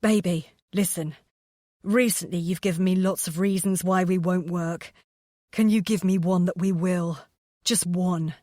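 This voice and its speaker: A woman voicing a grown man who pleads softly and affectionately with his lover on the phone. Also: on the low side, steady tone, measured pace, dry recording, studio quality, natural voice. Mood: tender.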